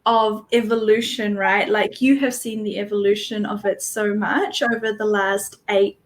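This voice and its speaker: A woman's voice: medium pitch, little pitch movement, unhurried. A woman from New Zealand hosting an online conversation, talking in a flowing way and laughing easily. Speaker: host.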